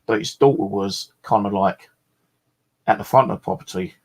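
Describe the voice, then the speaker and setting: A man's voice: lowish voice, normal speed, gravelly. A man chatting casually in a vlog, a rambling storyteller full of fillers and the odd swear word. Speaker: vlogger.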